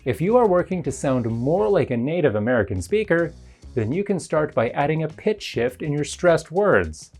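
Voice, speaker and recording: A teacher reading a scripted narration that explains pronunciation in an even, explanatory way. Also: mid-range voice, normal speed, slightly rough, soft background music. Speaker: English teacher.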